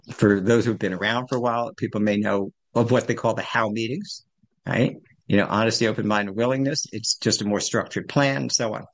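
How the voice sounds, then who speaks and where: A man in his sixties telling his recovery story at a support meeting, rambling and self-deprecating. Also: fairly low pitch. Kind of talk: personal recovery share.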